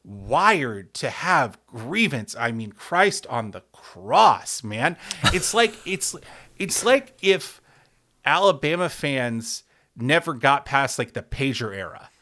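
A man's voice: medium pitch, takes it slowly. A man hosting a sports podcast, talking in a profane, hyperbolic comic rant full of stammered restarts. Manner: animated, rambling, stammers and restarts often; heavy swearing, hyperbolic.

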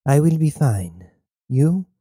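A man's voice: fairly high pitch, slow pace, slightly rough, no echo, clean studio sound, exaggerated voice. A man voicing a cold, intense mother. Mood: calm, intense. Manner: calm, formal speech without contractions.

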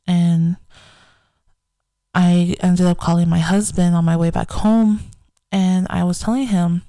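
A woman's voice: fairly low pitch, steady tone, warm tone, no echo. A young adult woman hosting a faith podcast, talking candidly and reflectively in a casual way. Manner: candid, reflective, slow-paced. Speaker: podcast host.

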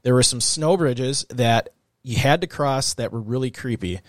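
A man's voice: mid-range voice, normal speed, no room sound, studio quality. A man hosting a casual true-crime podcast late at night, reading quotes aloud and then chatting loosely. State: tired, recording late at night. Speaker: podcast host.

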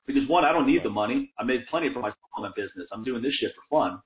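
A fast-talking man with a tinny, phone-like sound and an echo around his voice. He talks in a casual, profane, fired-up way, swearing often and laughing between points. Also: medium pitch, expressive.

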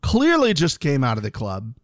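A man's voice: mid-range voice, wildly swooping pitch, normal speed, no room sound. Chill guy on a reality tv podcast, lots of ums and likes, dry mic. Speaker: podcast co-host. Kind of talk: casual reality TV recap chat.

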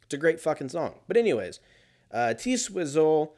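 A man's voice: on the high side, very animated, normal speed, a little mellow. A man talking alone in a casual monologue as a podcast host, rambling and swearing and often laughing.

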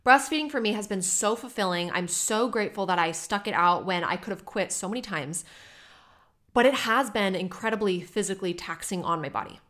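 A young adult woman hosting her own podcast, talking unscripted and candidly with chatty, animated asides. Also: mid-range voice, brisk. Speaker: podcast host. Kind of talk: unscripted solo podcast talk.

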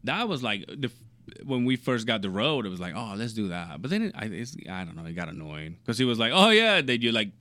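A man's voice: fairly low pitch, lively intonation, a little fast, sharp tone, dry recording. Laid-back man in dry, close chat. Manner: laid-back, joking, trailing off mid-sentence. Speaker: podcast co-host. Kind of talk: casual chat.

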